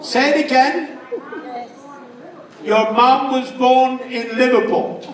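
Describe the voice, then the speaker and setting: A man with an English accent doing a stand-up comedy routine, firing off one-liners in a loud, punchy delivery. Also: very high-pitched, fairly even intonation, slow pace. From England. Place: casino show room before a live audience. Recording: roomy live hall, mic at a distance, crowd and noise. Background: audience laughter.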